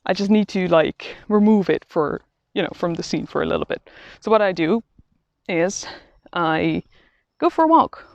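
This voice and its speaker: A woman talking through a reflective vlog while out on a quiet walk in nature, halting and thoughtful, often restarting her sentences. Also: on the low side, animated, vocal fry, dry recording. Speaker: vlogger. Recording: dull, slightly lo-fi sound.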